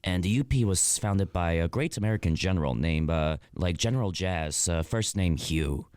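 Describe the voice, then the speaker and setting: A young man voicing a bumbling, confidently wrong anthropology student in an improvised comedy bit, putting on a deliberately poor Upper Peninsula Michigan accent and rambling through made-up facts with lots of fillers. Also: deep voice, expressive, a little mellow, no echo, studio quality. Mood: deadpan bluffing. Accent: put-on Upper Peninsula Michigan accent, badly done. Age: young adult. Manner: rambling, self-assured, bluffing nonsense with many fillers. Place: studio.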